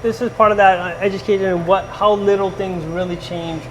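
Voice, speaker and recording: A man's voice: high-pitched, fairly even intonation, a little fast, dull audio, noisy background. A man, a chef explaining a dish casually with friendly restarts. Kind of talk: casual cooking demo.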